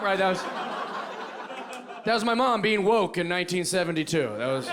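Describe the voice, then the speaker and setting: A man from Seattle works a comedy club stage, ranting energetically and tossing in "right?" after punchlines. His voice sits high for a man. A live audience murmurs and laughs faintly behind the handheld mic. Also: a little fast, a crowd in the background. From Seattle, USA. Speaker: stand-up comedian. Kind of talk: stand-up comedy set.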